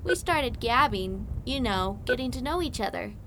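Woman doing a high chirpy little quail boy. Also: lively intonation, moderate pace, fairly bright tone, a little hiss or hum. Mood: chatty. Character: timid young male quail, gentle vegetarian. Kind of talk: audiobook character voice.

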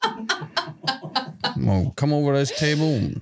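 A man's voice: a little high, wildly swooping pitch, slow pace, gravelly, crowd noise. A man co-hosting a casual podcast who jokes around, laughs through his lines and reads out holiday legends. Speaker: podcast co-host.

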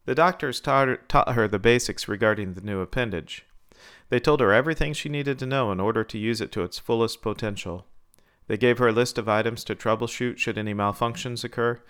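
A man reading a short story aloud in a measured, scripted narration. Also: on the low side, a bit bright, clean tone.

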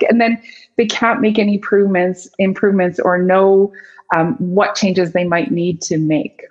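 A woman's voice: on the low side, normal speed. Woman coaching on voice, lo-fi sound. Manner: energetic, demonstrates vocal tones while explaining. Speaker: guest speaker, communication coach. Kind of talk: instructive interview talk.

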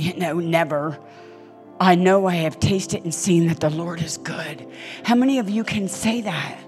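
An older woman preaching a sermon on a church stage, telling stories emphatically with sudden loud peaks. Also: mid-range voice.

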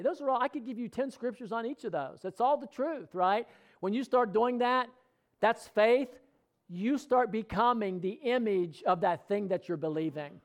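A man's voice: high-pitched, moderate pace. A middle-aged man preaching a sermon in a conversational way, asking the congregation questions and speaking out example prayers. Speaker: pastor.

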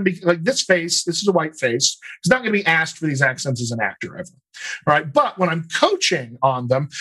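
A dialect coach who also acts fields interview questions in a fairly high voice that sounds pushed and bright. His answers are thoughtful and explanatory, with frequent pauses on "you know" and restarted phrases.

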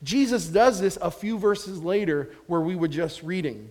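A man's voice: high-pitched, animated, normal speed, a little mellow. A man preaching a sermon as pastor, in an earnest, conversational way with some restarts.

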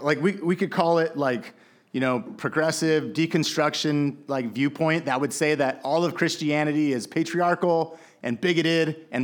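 A man preaching a sermon in a casual, conversational way, with many fillers and restarts. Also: on the high side. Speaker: pastor.

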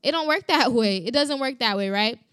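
A woman's voice: on the high side, animated, normal speed, fairly bright tone, clean tone, dry recording, clean studio sound. A woman preaching in a casual, emphatic way into a microphone, repeating phrases and asking rhetorical questions. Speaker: christian podcast host. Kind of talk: casual sermon. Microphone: studio mic.

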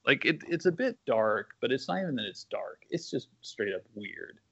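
Podcast guest: man, gravelly voice, loose rambling delivery, dull recording. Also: medium pitch, very animated, normal speed, bright, forceful tone. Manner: rambling storyteller with many fillers. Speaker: guest comic book writer. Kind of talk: casual podcast chat. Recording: dull lo-fi sound.

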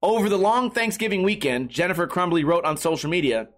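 A young man with a high voice reads articles aloud and riffs on them. He swears a lot, rambles and restarts his sentences mid-thought. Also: lively intonation, quick pace, fairly bright tone. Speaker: streamer reacting to news articles. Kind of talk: casual profane commentary.

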